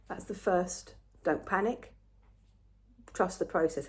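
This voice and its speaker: An older woman, telling a rambling everyday story in a casual, chatty way, often soft and murmured. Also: medium pitch, a little slow, long pauses. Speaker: craft vlogger.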